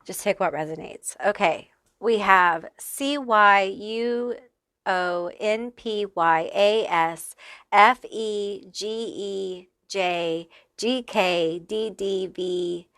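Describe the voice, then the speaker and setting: A woman's voice: mid-range voice, drawn-out words, a bit bright, clear, resonant tone, dry recording, clean studio sound. A woman giving a casual pick-a-card tarot reading, sassy and salty, calling viewers honey and laughing often. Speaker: tarot reader.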